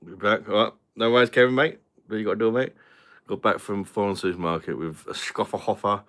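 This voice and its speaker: Low-voiced guy on a beer stream, swears a lot, bright edgy tone. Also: fairly even intonation, fairly quick. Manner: crude, swearing banter with frequent laughter. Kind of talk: casual livestream chat.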